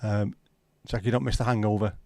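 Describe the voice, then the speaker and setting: A middle-aged man talks with his livestream audience from home beside a window, casually swearing as he reads their comments. The dry recording captures a brisk, level, slightly mellow voice on the low side.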